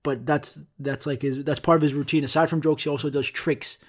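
A man's voice: on the high side, steady tone, fairly quick. A man hosting a podcast, ranting in a rambling, profane and self-mocking way. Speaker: podcast host. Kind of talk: casual podcast rant.

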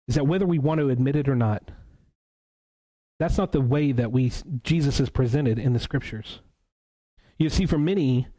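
Mellow-voiced man preaching a sermon. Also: mid-range voice, low-quality recording. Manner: earnest preaching with emphatic repetition; reads scripture aloud slowly. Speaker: pastor.

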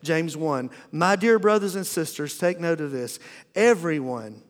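Expressive and a little high, this middle-aged pastor's voice keeps a measured pace as he preaches a folksy, humorous sermon. He frequently restarts sentences, and the church auditorium gives the recording a long hall reverb.

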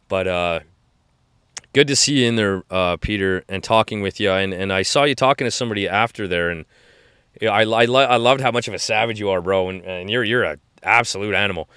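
A man's voice: lowish voice, a little fast, a bit bright, clean tone, no room sound, clean studio sound. A man in his forties hosting a podcast, recapping fights in a rambling, enthusiastic way full of restarts. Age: 40s. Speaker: podcast host. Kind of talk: casual fight-recap chat.

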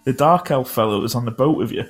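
A man's voice: medium pitch, fast, faint music behind. A man co-hosting a casual podcast, making dry asides with small chuckles. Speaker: podcast co-host. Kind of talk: casual chat.

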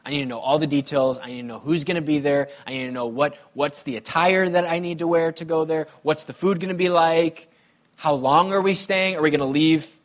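His voice a little high and his pace fairly quick, a male pastor preaches by telling personal stories. He sounds conversational and animated, with a playful sense of humor.

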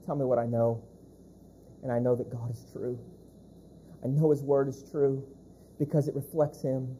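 A male pastor preaching a sermon. He speaks emphatically, repeats key phrases, slows down to stress points and puts questions to the congregation. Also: medium pitch, level tone, mellow, a little hiss or hum.

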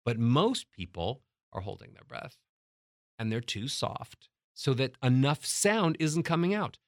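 A male voice coach delivers punchy, emphatic advice in a somewhat high voice. The sound is close and dry, with no room around it. He drives each point home like a motivational trainer. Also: no room sound. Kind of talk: motivational business talk.

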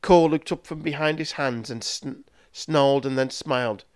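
A man narrating a fantasy storybook in an even, measured way. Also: mid-range voice, no echo.

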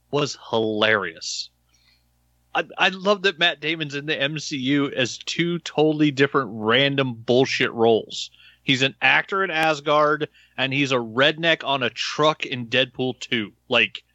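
A man co-hosting a casual podcast chat, his voice bright and forceful as he tells stories with enthusiasm. The sound is close and dry, slightly dull in its highs. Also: no room sound. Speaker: podcast co-host.

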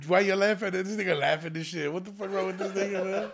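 A man's voice: high voice, steady tone, fast, gravelly, hardly any pauses. A man hosting a casual podcast, trading crude roast jokes and laughing often. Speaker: podcast host.

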